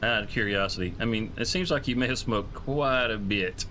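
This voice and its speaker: A man streaming a farming game, chatting casually and excitably, rambling with swears and laughs. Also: lowish voice, normal speed, a little hiss or hum.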